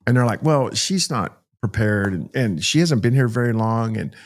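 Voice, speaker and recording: A middle-aged man from Texas, a pastor telling stories in a folksy, animated way during an interview. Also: mid-range voice, normal speed. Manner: folksy, animated storyteller with frequent restarts. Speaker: pastor and child rescuer. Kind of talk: interview storytelling.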